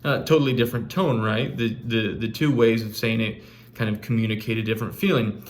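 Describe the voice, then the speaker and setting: A man's voice: lowish voice, fairly even intonation, brisk. A man teaching a recorded literature lesson in a casual way, with frequent fillers and restarts. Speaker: English teacher.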